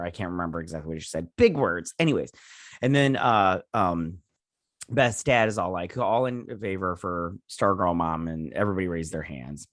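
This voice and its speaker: A man with a lowish voice talks through a TV episode in a loose, rambling recap. He leans on fillers and keeps losing track of names as he goes. The sound is dry and close, with no room around it. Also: normal speed, a bit bright, no room sound. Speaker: show reviewer and host.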